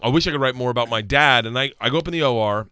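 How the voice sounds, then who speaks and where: A middle-aged man telling a comic story on a podcast, loud and laughing, acting out the voices of the people in it. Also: medium pitch, very fast, clear, resonant tone, dry recording, studio quality. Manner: loud, laughing, acts out voices in his stories. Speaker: stand-up comedian guest.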